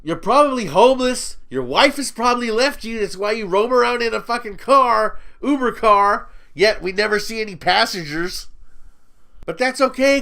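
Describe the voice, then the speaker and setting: A man's voice: extremely high pitch, sharp tone. A man ranting in a commentary video, profane, mocking and sneering as he talks down to his target. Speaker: YouTube commentator.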